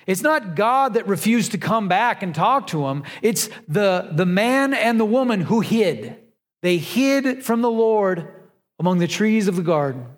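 A man preaching a sermon, telling the story with lively, pleading emphasis. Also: sits high. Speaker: pastor. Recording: long reverb of a large hall.

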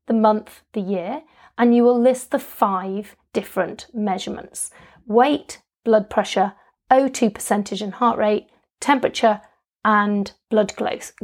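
Upbeat woman coaching podcast host. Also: a little high. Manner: upbeat, instructive, chatty with frequent fillers. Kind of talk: solo podcast coaching talk.

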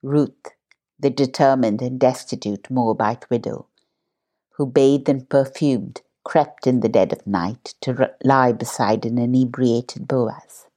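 A woman hosting a guided Christian meditation, speaking in a slow, calm and measured way. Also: rumbling low. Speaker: meditation host.

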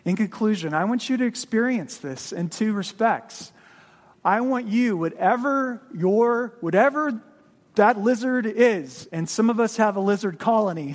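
Male pastor, high voice, earnest exhorting sermon, long church-hall reverb. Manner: earnest and exhorting, with slowed emphatic phrases. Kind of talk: sermon storytelling.

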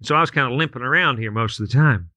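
A man's voice: medium pitch, fast, sharp tone, no room sound. A man preaching a sermon as a pastor, telling folksy made-up stories to make his point. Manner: storytelling with hypotheticals, folksy and repetitive.

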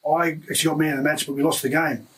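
A man in his fifties, a former rugby league player, telling stories in an interview with emotional, animated delivery and frequent restarts. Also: on the high side, rapid-fire, far from the mic, rough recording. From Australia. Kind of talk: casual storytelling interview.

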